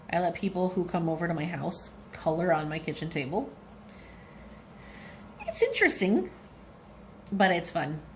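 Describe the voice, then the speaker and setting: A woman's voice: lowish voice, slight background noise. A woman, a librarian leading a cheerful craft demo at her kitchen table, talking to viewers in a sing-song way.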